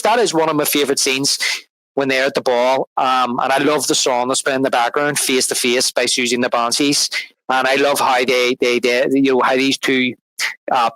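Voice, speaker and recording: Bright, animated man co-hosting a film podcast. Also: mid-range voice, no room sound, low-quality recording. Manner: animated, retells scenes and acts out the dialogue; laughs often and repeats words as he restarts. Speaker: podcast co-host. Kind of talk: casual film discussion.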